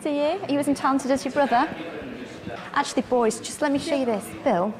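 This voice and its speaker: A gushing, theatrical auction owner with a coaxing sales patter and a fairly high voice, as a woman plays her. A crowd murmurs behind her. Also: a little fast, natural voice. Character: gushing female auction owner selling art. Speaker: actor playing an auction owner.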